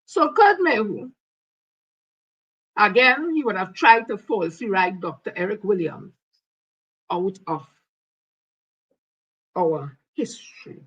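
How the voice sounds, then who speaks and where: A woman's voice: mid-range voice, animated, slow, pauses often, a bit bright, slightly rough, highs cut off. A woman with a Trinidadian accent giving heated, scolding commentary. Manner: combative, scolding. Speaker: online commentator. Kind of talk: heated commentary with read-out quotes.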